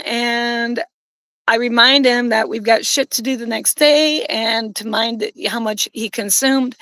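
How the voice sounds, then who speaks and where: Woman, bright tone, dry close sound, casual rambling story, lots of swearing. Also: a little high, dry recording, poor audio. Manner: blunt, heavy swearing, rambling. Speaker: streamer telling a personal story.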